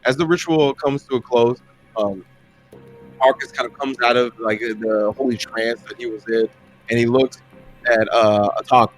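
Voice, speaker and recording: A man's voice: medium pitch, steady tone, moderate pace, soft background music. A man narrating a tabletop game as dungeon master, rambling and hesitant with lots of fillers.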